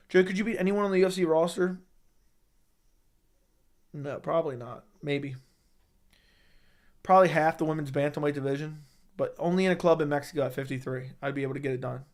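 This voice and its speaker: Young man, livestream host, laid-back, low-key, swears a lot, slightly high voice. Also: brisk, long pauses. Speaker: livestream host reading chat. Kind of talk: casual livestream chat.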